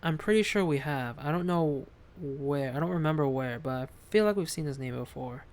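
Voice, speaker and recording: A game streamer doing live gameplay commentary, reading the on-screen text aloud and thinking out loud. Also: medium pitch, lively intonation, normal speed.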